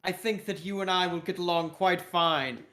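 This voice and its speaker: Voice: medium pitch, fairly even intonation, moderate pace, sharp tone, echoey room, lightly acted. A game master doing a showy British-accented German tycoon. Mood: grandly jovial. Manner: jovial, grandly polite, backslapping. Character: tall boisterous German businessman, showy, grinning.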